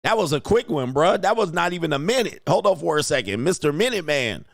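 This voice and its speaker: A man's voice: on the high side, sing-song, quick pace, creaky, no echo, clean studio sound. A man hosting a casual reaction commentary, slangy and often laughing and exclaiming. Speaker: commentary channel host.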